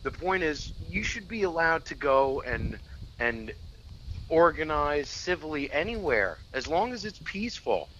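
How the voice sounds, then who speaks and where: A man's voice: fairly high pitch, big pitch swings, measured pace, bright, forceful tone, muffled recording, a little hiss or hum. A man co-hosting a political talk radio show, speaking bluntly and emphatically and swearing when heated.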